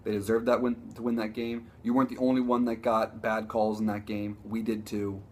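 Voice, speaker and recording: A man ranting casually about his football team, profane and excitable, rambling with frequent restarts. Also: lowish voice, a little fast, a little hiss or hum. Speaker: sports vlogger. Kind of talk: casual sports rant.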